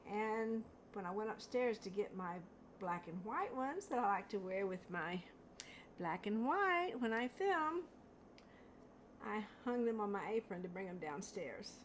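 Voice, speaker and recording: In her home studio, an older woman hosts a craft video, rambling and laughing at herself as she paints. Her mid-range voice is sing-song and measured, with slight background noise.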